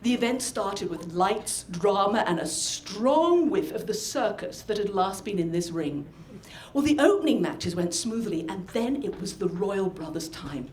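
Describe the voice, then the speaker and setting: A woman from the north of England, performing a personal story live with animated, dramatic delivery. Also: medium pitch, a little slow, echoey room, slight background noise. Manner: animated, dramatic, acts out scenes. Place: storytelling event venue.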